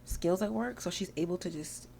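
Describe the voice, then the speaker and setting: A woman's voice: lowish voice, normal speed, creaky, warm tone, a little hiss or hum. A woman hosting a gaming channel, giving rambling, chatty commentary over her gameplay.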